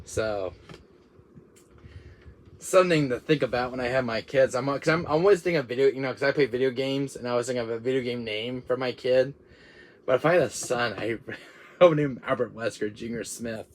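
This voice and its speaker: A man's voice: medium pitch, brisk, a little hiss or hum. Giggly rambling man. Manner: giggly, rambling, laughs often. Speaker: gaming channel host. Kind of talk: casual vlog monologue.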